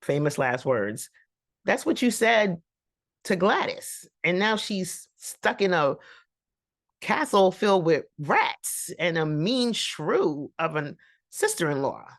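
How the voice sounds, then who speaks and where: A woman's voice: on the low side, very animated, takes it slowly, no echo, clean studio sound. A woman vlogger giving a rambling, colloquial recap of a TV episode, with laughing asides. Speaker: TV reaction vlogger.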